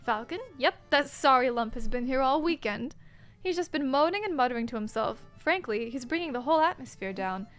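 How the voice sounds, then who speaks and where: A woman's voice: high-pitched, animated, fairly quick, fairly bright tone, soft background music. Friendly, talkative bird barkeep from a game, voiced by a woman. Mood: chatty. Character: chatty bird barkeep of a student bar.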